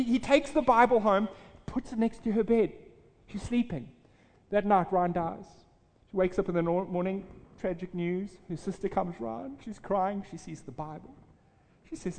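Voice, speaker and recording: A man's voice: high-pitched, moderate pace, a little mellow. Man, pastor, sermon storytelling, earnest, restarts, long echoing reverb. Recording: reverberant hall.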